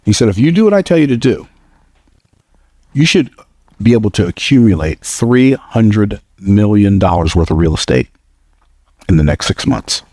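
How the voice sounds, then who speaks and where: Speaking at a moderate pace with long pauses, this male motivational speaker tells lively, joking stories to a live crowd, using a squeaky high voice for quotes. His manner is plain-spoken and he repeats phrases for emphasis; the audio is dry and studio-clean.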